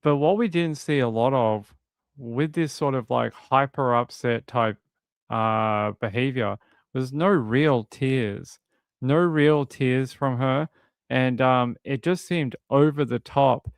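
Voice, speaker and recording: A man talks through a case in casual livestream commentary, rambling a little and reading out viewers' comments. His voice is smooth and clear. It is recorded close and dry, with no room sound. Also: mid-range voice, slow pace, no echo. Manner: conversational, rambling, reads out chat comments. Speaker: true crime streamer.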